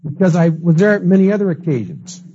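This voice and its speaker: Husky, mellow-toned man teaching a class in a lively storytelling way, dull lo-fi tape. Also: fairly high pitch, fast. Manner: storytelling, acts out quoted people. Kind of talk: lecture with anecdotes. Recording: dull lo-fi recording.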